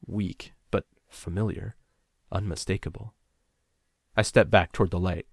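A man reads a first-person horror story in a very low, gravelly voice. His delivery is measured and falls to a near-hush at the tense moments. The recording is dry and close, with no room sound. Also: fairly even intonation, no echo. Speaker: narrator.

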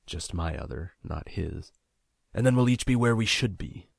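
A man's voice: lively intonation, normal speed, gravelly, breathy edge, no room sound, clean studio sound, heavily acted. A man voicing a desperate young man who pleads, strained and clinging. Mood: grim. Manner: pleading, strained, rising in pitch.

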